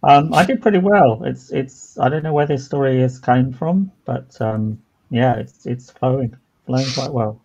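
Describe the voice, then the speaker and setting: A husky, gravelly British male voice, hesitant and low-key as he talks about his writing. The sound is dull and lo-fi. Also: moderate pace, darkish tone. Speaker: guest writer. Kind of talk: casual chat among writers.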